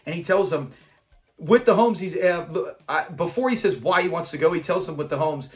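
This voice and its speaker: A man's voice: fairly high pitch, expressive, moderate pace, faint music behind. A man hosting a casual episode review, enthusiastic and rambling into side notes while acting out the lines. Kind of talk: casual chat.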